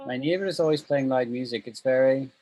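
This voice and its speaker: A man's voice: mid-range voice, fast, dark tone, low-quality recording. A man teaching an online English class, patiently drilling pronunciation over a video call.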